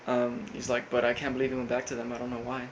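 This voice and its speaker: A man casually recapping a cartoon episode, rambling with lots of fillers and flat quoted lines. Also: medium pitch, quick pace, lo-fi sound, a little hiss or hum. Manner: rambling, full of fillers, quotes characters flatly. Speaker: recap host.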